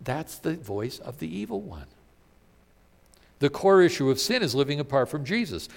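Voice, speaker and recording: A man's voice: on the high side, big pitch swings, normal speed, creaky, big-room sound. A man preaching a sermon, emphatic and full of rhetorical questions. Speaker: pastor.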